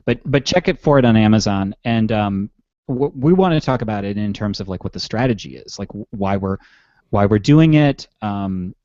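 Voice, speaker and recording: A man's voice: on the low side, animated, moderate pace, darkish tone, dry recording, dull audio. A man hosting a podcast in casual chat, rambling and mocking himself with frequent chuckles. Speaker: podcast host.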